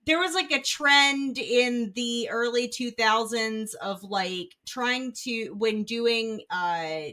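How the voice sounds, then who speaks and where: A woman co-hosting a relaxed book club podcast, talking slowly with plenty of "like" and "um". Her voice is bright and forward. She circles her point before landing it. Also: on the high side. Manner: rambling, many fillers and restarts. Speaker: podcast co-host. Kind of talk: casual book club chat.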